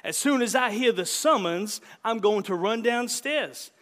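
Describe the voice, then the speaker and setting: A stern old backwoods great-uncle with a gravelly voice hollers his insistent demands, as a man reading a story puts him on. His voice sits high and carries through a hall with a long, lingering reverb. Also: animated, a little slow, a bit bright.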